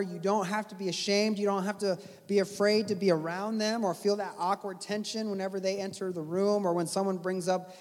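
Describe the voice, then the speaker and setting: A man's voice: sits high, darkish tone, long reverb tail. A man, a pastor, delivering an earnest sermon and pressing his points with repeated phrases.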